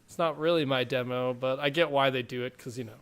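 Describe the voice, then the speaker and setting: A man's voice: mid-range voice, steady tone, fast, slight background noise. A man co-hosting a pop-culture podcast, talking casually with lots of filler words. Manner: chatty, many "like" fillers. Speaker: podcast co-host. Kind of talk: casual chat.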